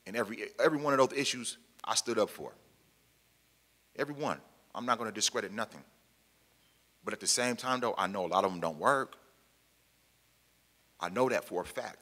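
A man's voice: on the low side, brisk, long pauses, pushed and bright. A man from the Pacific Northwest who was formerly incarcerated, speaking emphatically to an audience in a meeting hall and repeating his key lines in plain, colloquial speech. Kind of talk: impassioned public talk to an audience. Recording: long hall reverb.

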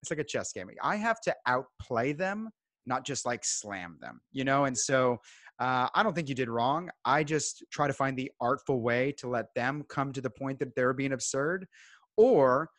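A man guesting on a podcast, giving calm, measured advice in casual chat. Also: medium pitch, no echo. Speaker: guest home inspector.

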